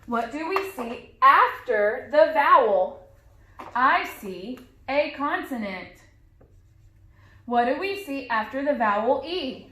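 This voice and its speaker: Slow, patient phonics teacher, a woman. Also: high-pitched, lively intonation, a bit bright, echoey room. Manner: patient, drawn-out modeling of sounds and words. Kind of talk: slow phonics lesson for young children.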